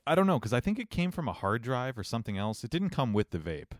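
A man from Ohio co-hosting a podcast, chatting casually with mock-grumpy deadpan complaints. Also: mid-range voice, quick pace, no room sound, studio quality. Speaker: podcast co-host. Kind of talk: casual chat.

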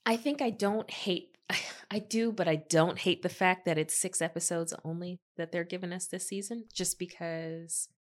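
A woman's voice: fairly low pitch, fairly even intonation, moderate pace. A woman co-hosting a casual TV recap podcast, wry and playful, laughing often. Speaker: podcast co-host.

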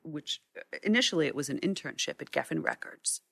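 Woman, middle-aged, photojournalist guest, storytelling, low creaky voice. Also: animated, a little fast, fairly bright tone, no echo. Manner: vivid anecdotal storytelling. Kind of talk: storytelling interview.

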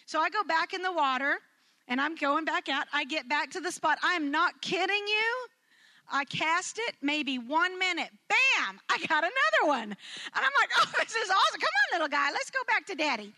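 Bright, high, animated woman storyteller. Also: normal speed. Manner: animated, acts out quotes with big jumps in pitch; laughs through her own story. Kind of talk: storytelling talk to a live audience.

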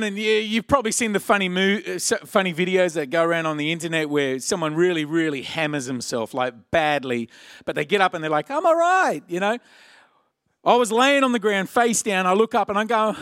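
A man delivers a sermon through a lively personal story. His voice sits high and leaps around as he acts out the shouted lines. The sound is close and dry. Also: dry recording. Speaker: preacher.

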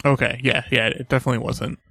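A man co-hosting a casual podcast, answering his partner with dry, deadpan replies. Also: medium pitch, fast, gravelly, no room sound. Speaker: podcast co-host.

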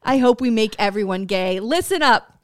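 A woman co-hosting a casual podcast, talking bluntly with plenty of swearing and animated storytelling. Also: on the high side, normal speed, clear, resonant tone, dry recording, clean studio sound. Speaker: podcast co-host.

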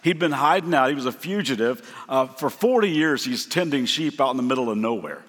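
A man's voice: medium pitch, animated, brisk, fairly bright tone. Man preaching in a reverberant hall. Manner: storytelling, acts out quotes with shifts in voice. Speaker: guest pastor. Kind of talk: sermon.

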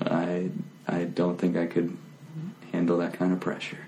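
A man, a guest comedian, chatting casually in a deep, monotone voice. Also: unhurried, a little hiss or hum. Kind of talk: casual chat.

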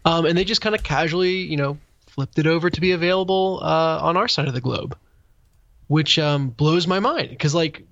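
A man on a casual tech podcast explains things at length, filling pauses with ums and restarts. His voice sits a bit high for a man. The audio is dull and muffled in a dry, close setting. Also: fairly bright tone, dry recording. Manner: rambling, explanatory, many fillers. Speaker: podcast co-host.

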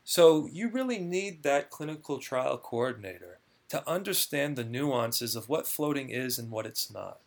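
Speaking with few pauses and lively intonation, a male clinical research guest earnestly explains his job in a conversational interview. His gravelly, mid-range voice keeps a moderate pace, and he often repeats words when starting a thought.

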